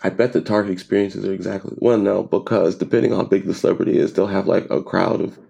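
A man with a very deep, gravelly voice chats casually on a podcast. He rambles and restarts often, with a dry, joking edge. His tone is dark and mellow. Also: fairly even intonation, fast, muffled recording. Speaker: podcast co-host. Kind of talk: casual conversational chat.

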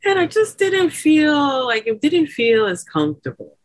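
A woman guest on a podcast, telling her own story in a chatty, laughing way and acting out the people she quotes with loud, high bursts. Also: big pitch swings, unhurried. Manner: chatty, laughing often, many fillers like "like" and "you know". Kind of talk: animated birth story told in casual chat.

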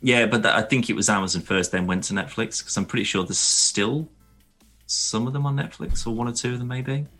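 A man co-hosting a podcast, chatting casually and telling animated stories with the odd swear word. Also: mid-range voice, brisk, soft background music. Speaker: podcast co-host. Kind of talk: casual chat.

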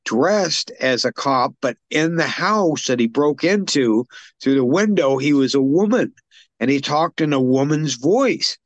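A man's voice: on the high side, no room sound. Rambling man recapping a film. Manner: rambling plot recap with filler words. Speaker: podcast co-host. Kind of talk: casual film discussion.

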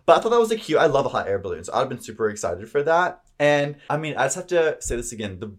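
A man's voice: mid-range voice, big pitch swings, fast. A man co-hosting a podcast, recapping a reality show in gushing, chatty talk. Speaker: podcast co-host. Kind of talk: casual recap chat.

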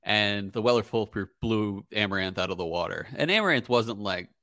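A man co-hosting a casual whiskey tasting, talking in a relaxed, hedging way with lots of fillers. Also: lowish voice, a little fast, no echo, clean studio sound. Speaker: co-host, whiskey reviewer. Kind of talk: casual chat.

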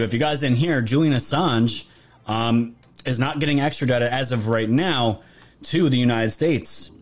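On his opinionated news commentary show, a male host with a mid-range voice talks emphatically and keeps repeating himself. The sound quality is lo-fi.

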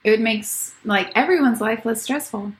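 A woman's voice: a little high, normal speed. A woman hosting a podcast, reacting sympathetically and encouraging her guest. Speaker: podcast host. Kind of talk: casual interview chat.

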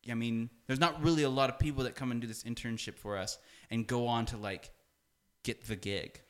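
A young man talks as a podcast guest in a relaxed, storytelling way. He leans on "like" constantly and jumps into quoted voices to act out scenes. His voice sits at an ordinary middle pitch for a man. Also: fairly quick. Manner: animated, fills speech with "like", acts out quoted dialogue. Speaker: podcast guest, music producer. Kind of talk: casual storytelling conversation.

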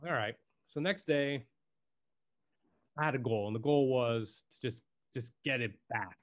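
Brief: male podcast guest, mid-pitch, casual, emphatic, salty language, lots of restarts. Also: measured pace. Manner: emphatic, loose and profane, with many restarts. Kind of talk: casual chat.

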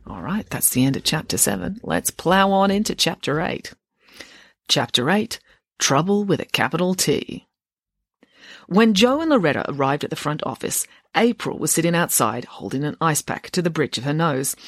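A woman narrating a children's novel aloud with lively, expressive storytelling. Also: low voice, slightly rough, dry recording, studio quality. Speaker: audiobook narrator. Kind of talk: audiobook reading of a children's novel.

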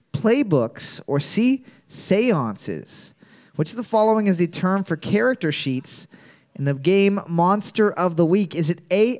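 High-voiced man hosting a trivia show. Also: darkish tone. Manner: announces questions twice, jokes between them. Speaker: trivia host. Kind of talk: comedic trivia podcast banter.

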